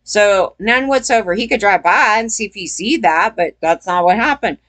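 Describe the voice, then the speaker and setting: Woman vlogger, mid-pitch, rambling and profane; a casual, emphatic storytelling rant. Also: normal speed, fairly bright tone.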